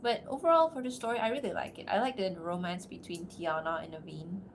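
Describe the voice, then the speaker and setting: A woman streamer from outside America chatting casually on a livestream, talking in quick asides and laughing often. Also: on the low side, noisy background. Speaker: streamer and voice actor.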